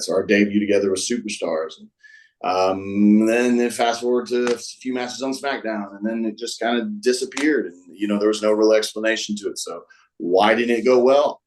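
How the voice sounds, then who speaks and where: A man's voice: fairly low pitch, a little mellow, rough recording. A man guest-hosting a podcast, casually telling stories and acting out what people said. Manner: recounts stories, acting out quoted dialogue. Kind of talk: casual storytelling.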